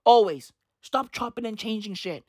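A woman's voice: fairly high pitch, normal speed, background noise. A woman delivering a profane, slang-filled comic rant, repeating her punchlines and swearing freely. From South Africa. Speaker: comedic vlogger. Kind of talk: profane comedic rant to camera.

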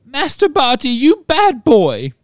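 A man squeaking as a sobbing female house-elf. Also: wildly swooping pitch, takes it slowly, no echo, clean studio sound, heavily acted. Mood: pleading. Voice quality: squeaky, broken grammar.

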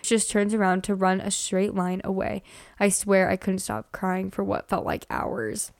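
A young woman reads out a creepy story, then slips into loose, chatty banter full of "like". Her voice sits at an ordinary middle pitch. The sound is close and dry, with no room around it. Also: a little slow, creaky, dry recording. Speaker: podcast co-host. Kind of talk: reading scary stories aloud and casual chat.

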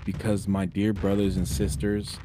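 A man's voice: low voice, monotone, moderate pace, over music. A man hosting a podcast, delivering an earnest, sermon-like spiritual monologue that exhorts listeners as brothers and sisters. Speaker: podcast host.

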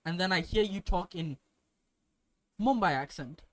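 A man's voice: high voice, unhurried. A young man from Botswana co-hosting a podcast, telling stories in a casual, sweary way with lots of fillers. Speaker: podcast co-host. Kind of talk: casual chat.

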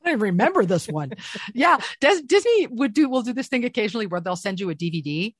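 A middle-aged woman, a voice actress, telling stories in a casual interview with an animated, swinging delivery. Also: fast talker, breathy edge, no room sound, clean studio sound. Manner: animated storyteller with lively swings in pitch. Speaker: voice actress, guest.

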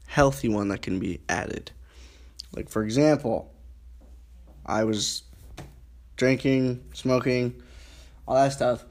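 Man, mid-range voice, casual self-help podcast host, rambling, repeats words, frequent you know. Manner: wide swings in pitch, drops low and quiet at asides.

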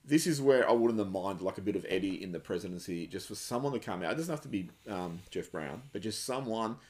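Man, slightly low voice, sweary, blunt, ranting, casual sports chat. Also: lively intonation, fast talker, a little mellow. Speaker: podcast co-host.

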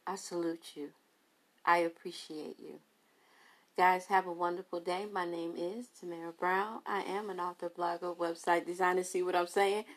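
A woman's voice: on the low side, fairly even intonation, moderate pace. A woman, a mother, talking casually and emphatically to her podcast listeners, repeating phrases for effect. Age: adult mother. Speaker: podcast host.

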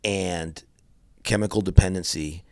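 A middle-aged man with a very deep, gravelly voice talks in a low, even tone with little rise and fall. He tells a personal story earnestly and haltingly, often stopping and restarting his sentences. The sound is close and dry. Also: dry recording. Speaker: guest telling a personal story. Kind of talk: candid conversational storytelling.

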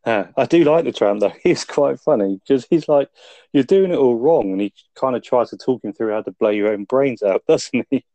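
A man's voice: mid-range voice, fairly quick, hardly any pauses, warm tone, dry recording. A man co-hosting a film review podcast, retelling the plot in a laid-back, sweary way. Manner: laid-back storytelling with frequent swearing and laughs. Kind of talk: casual chat.

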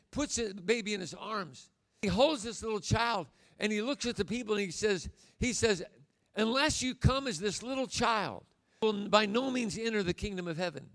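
A man in his sixties preaching a sermon, folksy and emphatic, with sudden loud bursts. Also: high voice, vocal fry. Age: 60s.

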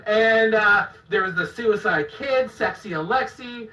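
A young man telling crude, animated stories in a casual chat, laughing often. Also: high-pitched, measured pace, a crowd in the background. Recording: distant roomy dull mic.

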